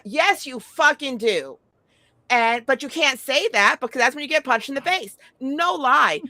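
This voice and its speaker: A woman's voice: high-pitched, expressive, a little slow, sharp tone, no echo. A middle-aged woman talking in a casual chat, telling stories bluntly and animatedly, with frequent swearing.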